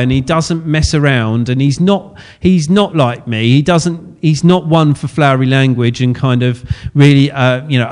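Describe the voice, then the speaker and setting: A man's voice: fairly high pitch, a little mellow. A man preaching a sermon in a chatty, self-deprecating way, laughing often at his own slips.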